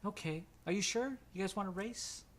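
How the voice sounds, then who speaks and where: A man voicing an eager young boy with cybernetic legs, boasting about how fast he is. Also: high-pitched, voice pushed up. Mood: boastful.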